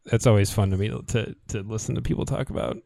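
A man from Michigan co-hosting a casual podcast, chatting in an animated way with restarts and laughter. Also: fairly low pitch, fast talker, creaky, no room sound, clean studio sound. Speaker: podcast co-host. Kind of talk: casual chat.

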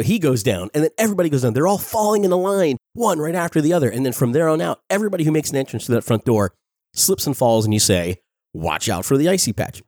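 A man in his forties talks through a casual review with quick, excited energy and frequent laughs. His voice sits at a middle pitch. The sound is dry and close, with no room echo. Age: 40s.

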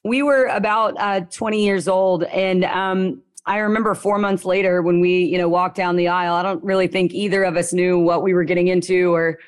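A young woman from Louisiana with a Southern accent, telling her story as a guest in a casual, lively way with playful slang. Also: fairly low pitch, moderate pace, hardly any pauses.

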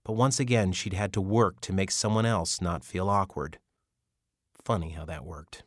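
A man narrating an audiobook novel in a measured storytelling manner. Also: low-pitched, very noisy. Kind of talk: scripted narration.

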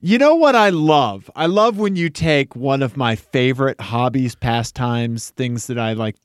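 A man's voice: mid-range voice, lively intonation, no room sound. Man, podcast co-host, casual banter, playful, frequent laughter, dry sound. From Denver area. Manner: laughing, playful, quick riffs. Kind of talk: casual chat.

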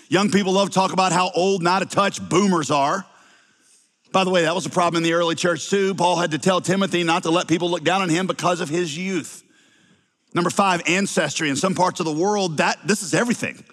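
A man's voice: a little high, brisk, fairly bright tone, long reverb tail. A middle-aged male pastor with a slight Southern accent, preaching a sermon with wry, teasing asides to the congregation.

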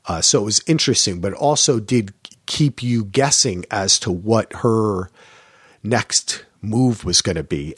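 A man with a low, husky voice hosts a casual solo podcast from his home. He rambles in a chatty, joking way. The sound is dry and close, with little room echo. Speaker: podcast host.

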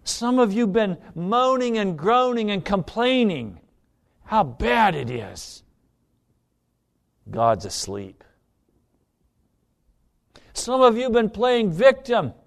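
A man preaching a sermon to a church congregation, swinging between loud pleading cries and hushed, low asides. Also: animated, a little slow.

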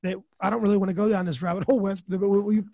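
A man's voice: high voice, steady tone, very fast, dark tone, dry recording, studio quality. A man hosting a podcast in casual chat, blunt and profane, drifting into rambling asides. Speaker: podcast host.

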